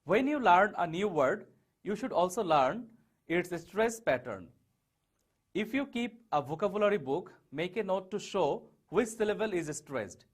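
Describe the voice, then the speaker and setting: A man teaching an online lesson, saying key words slowly one at a time. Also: high voice. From Bangladesh. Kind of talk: online English lesson over slides.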